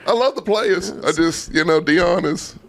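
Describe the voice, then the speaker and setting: A man co-hosting a sports podcast, teasing and sarcastic in casual chat. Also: high voice. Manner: teasing, sarcastic, quick to laugh. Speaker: podcast co-host.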